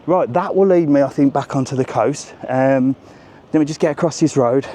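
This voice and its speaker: A man walks and talks on a live vlog, chatty and cheeky, addressing his viewers directly. His voice sits at an ordinary middle pitch. It is recorded outdoors on a handheld mic, with faint street and traffic noise behind him. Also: normal speed, dark tone. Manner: chatty, cheeky, talks straight to viewers and reads their messages. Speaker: travel vlogger on a live walking stream. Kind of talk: casual live-stream walking commentary.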